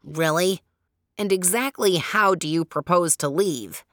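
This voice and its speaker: A woman's voice: fairly low pitch, measured pace, a bit bright, no echo, studio quality. A woman voicing a sneering, hissing old porcupine man who shape-shifts, in a storybook tale.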